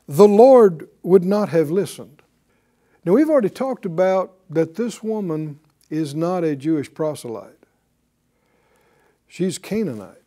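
A man's voice: high voice, mellow. A man teaching a sermon, asking the audience questions and drawing replies from them. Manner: slow, questioning delivery with audience call-and-response. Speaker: Bible teacher.

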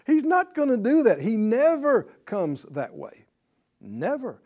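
Emphatic, slow-talking male Bible teacher. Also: high-pitched, sing-song, darkish tone. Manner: emphatic, repeats key words, asks rhetorical questions.

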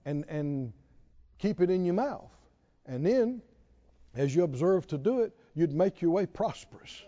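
A man's voice: a little high, expressive, measured pace, dark tone, muffled recording. A middle-aged male pastor preaching a sermon, punctuating his points with emphatic exclamations and quoted scripture.

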